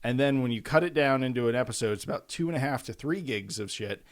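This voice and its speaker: A man's voice: mid-range voice, animated, quick pace. A man in his late twenties co-hosting a podcast, chatting casually in a blunt, profane way. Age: 20s. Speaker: podcast co-host. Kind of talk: casual chat.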